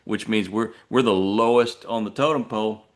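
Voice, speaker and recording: A middle-aged man, a truck driver hosting a podcast, telling stories in a rambling, self-deprecating way with many restarts. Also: normal speed. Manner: puts on jumpy high voices when quoting people. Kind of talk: casual storytelling monologue.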